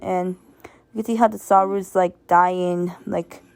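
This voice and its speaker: A woman's voice: on the low side, steady tone, a little slow, gravelly, darkish tone. A woman giving a casual, rambling spoken review, stumbling and restarting often and laughing as she goes. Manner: sentimental, laughs while talking. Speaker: video reviewer.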